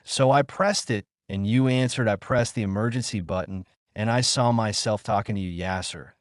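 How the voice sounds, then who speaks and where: A man's voice: on the low side, normal speed, no room sound, studio quality, natural voice. A man voicing a cheerful, apologetic young woman on a mysterious phone call in a story.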